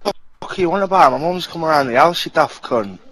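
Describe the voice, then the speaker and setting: A man hurls scornful insults in game voice chat, his pitch leaping about as he swears. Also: animated, fairly quick, fairly bright tone, poor audio. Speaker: online game player.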